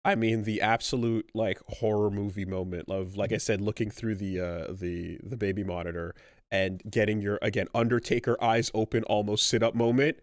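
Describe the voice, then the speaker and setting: A man's voice: fairly low pitch, steady tone, moderate pace, dry recording, studio quality. A middle-aged man co-hosting a podcast in casual chat, rambling with lots of fillers and restarts. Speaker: podcast co-host.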